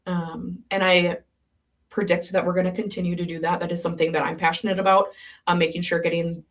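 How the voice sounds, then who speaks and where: A woman's voice: lowish voice, little pitch movement, a little fast. A woman from a local chamber of commerce, speaking in a casual interview with many ums and restarts.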